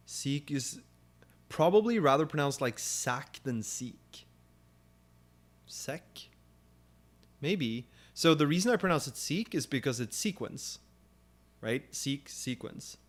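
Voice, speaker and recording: A young man hosting a live coding session, thinking aloud as he explains code and works through ideas, often pausing with fillers and restarts. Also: medium pitch. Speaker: programming stream host.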